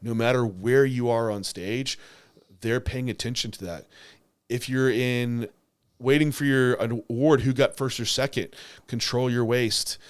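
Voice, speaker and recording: A man's voice: mid-range voice, fairly even intonation, a little slow, clear, resonant tone. A young man co-hosting a podcast, talking casually about his bodybuilding competition, rambling with many filler words and restarts.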